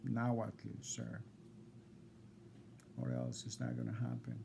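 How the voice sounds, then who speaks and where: A man reading out insistent legal demands to a court evaluator, repeating himself and halting on fillers. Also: medium pitch, sing-song, gravelly, noisy background. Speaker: defendant addressing a court evaluator. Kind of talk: confrontational legal declaration.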